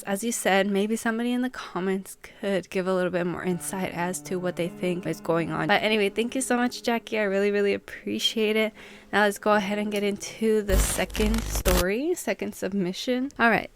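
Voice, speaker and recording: A woman hosting a channel, reading viewers' submitted stories aloud and chatting casually about them. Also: mid-range voice.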